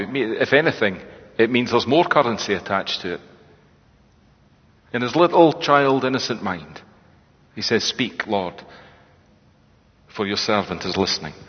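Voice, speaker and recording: A man preaching a sermon in a reflective, conversational way, often quoting lines in a hushed voice. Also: medium pitch, expressive, a little slow, pauses often, breathy edge. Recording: echoey hall, dull lo-fi sound.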